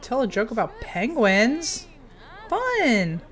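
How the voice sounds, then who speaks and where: A young woman talks her way through a game in a loose, chatty running commentary. Her pitch swings widely, and she breaks into sudden excited outbursts between quieter asides. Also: measured pace. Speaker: game streamer. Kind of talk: casual gameplay commentary.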